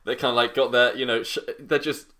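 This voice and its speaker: A young man from Britain co-hosts a comedy podcast, telling anecdotes in a loose, rambling way. His voice is bright and forward, and his pitch sits in the middle of the male range. He often pokes fun at himself. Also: fairly even intonation, fairly quick. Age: young adult. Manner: rambling, self-mocking storyteller. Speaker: podcast co-host. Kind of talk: casual comedic chat.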